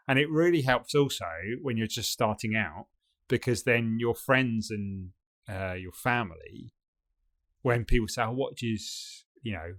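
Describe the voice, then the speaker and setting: A man with a lowish voice chats loosely on a podcast, circling his point through plenty of ums and restarts. The sound is close and dry, with no room around it. He comes across as easygoing and conversational. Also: a bit bright, no echo. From United Kingdom. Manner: rambling, hesitant, filler-heavy. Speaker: podcast co-host. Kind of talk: casual chat.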